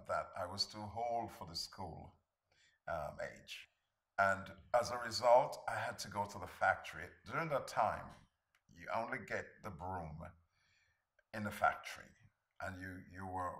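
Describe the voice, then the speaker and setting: A man shares memories in an interview in a plain-spoken, wry way. His voice is fairly low with a bright tone. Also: animated, a little slow. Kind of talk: interview recollection.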